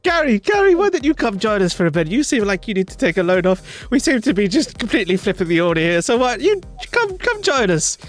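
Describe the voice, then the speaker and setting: A man voicing a polite, confused adventurer who speaks haltingly. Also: high voice, very animated, faint music behind, pitched above the performer's own voice. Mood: puzzled polite.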